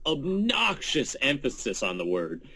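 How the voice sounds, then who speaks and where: Male podcast host, mid pitch, indignant, guides the talk. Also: huge pitch swings, unhurried, sharp tone, breathy edge, rough recording. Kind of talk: casual debate.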